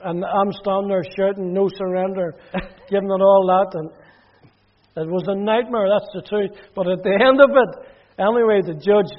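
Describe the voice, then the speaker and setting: A man with a Northern Irish accent telling his testimony in a sermon, plain storytelling that falls quiet in sad parts. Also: sits high. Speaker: preacher giving testimony. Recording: dull muffled recording.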